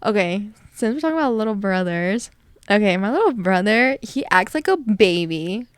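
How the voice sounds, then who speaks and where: A woman's voice: medium pitch, normal speed, clean tone, dry recording, studio quality. A young woman co-hosting a podcast, telling family stories in casual chat and acting out her relatives with a few Spanish words. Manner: animated storytelling, acts out relatives with Spanish words. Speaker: podcast co-host.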